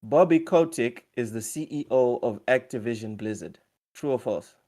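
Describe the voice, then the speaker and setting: A man's voice: medium pitch, expressive, moderate pace, warm tone. A man hosting a casual gaming live stream, reading viewer comments aloud in a loose, chatty way. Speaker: stream host running a quiz.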